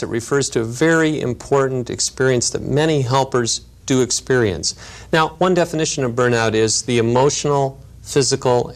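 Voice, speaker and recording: A man lecturing in a measured, explanatory way, with storytelling asides. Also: mid-range voice. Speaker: lecturer on grief and helping work. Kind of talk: recorded teaching lecture.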